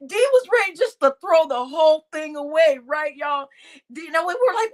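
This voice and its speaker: High, animated woman gossiping on a livestream. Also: moderate pace. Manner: animated, laughing often, loud exclamations. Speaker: livestream host. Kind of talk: casual gossip chat.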